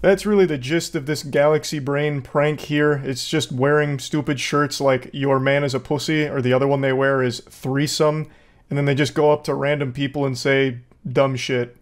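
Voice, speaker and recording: A man's voice: mid-range voice, fairly even intonation, normal speed. A man giving blunt, profane, sarcastic commentary on video clips. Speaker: commentary host.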